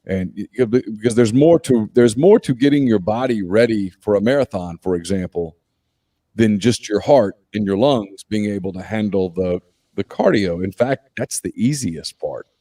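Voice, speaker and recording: A man hosting a sports podcast, talking in a relaxed, conversational way. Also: lowish voice, moderate pace, no echo. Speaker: podcast host. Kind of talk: casual podcast talk.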